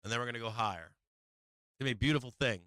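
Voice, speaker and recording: A market livestream host talks fast in a medium-pitched, sharp voice, captured in a dry, low-quality recording. He swears freely, laughs often and repeats himself while walking through charts.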